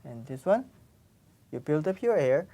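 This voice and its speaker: A woman's voice: sits low, sing-song, unhurried, warm tone. A woman teaching pronunciation, patiently repeating each sound for learners. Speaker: Korean language teacher. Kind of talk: pronunciation lesson.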